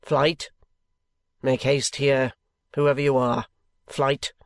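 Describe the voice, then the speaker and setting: A man voicing a cold, reserved male lawyer who speaks low and clipped. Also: flat delivery, slow, creaky, no echo. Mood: guarded.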